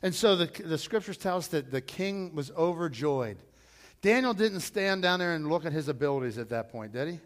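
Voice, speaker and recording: A middle-aged male pastor preaching a storytelling sermon, repeating himself and swelling loud when he quotes scripture. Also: fairly high pitch, animated, normal speed.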